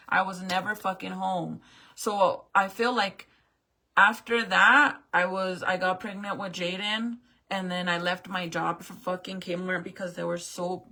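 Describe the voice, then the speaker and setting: A woman in her late thirties pours her heart out to her viewers in a casual, profane vlog. Her voice sits low with a gravelly edge and a teary catch. She laughs nervously when the tears come. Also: pushed and bright. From New Mexico. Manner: emotional, swears often, laughs when close to tears. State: tearful. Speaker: vlogger. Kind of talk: casual confessional talk to camera.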